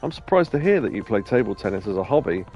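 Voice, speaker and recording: A man's voice: lowish voice, very animated, fast talker, a little mellow, lo-fi sound, faint music behind. A man with an English accent voicing a stoic middle-aged male ex-yakuza hero in a plain, level reading.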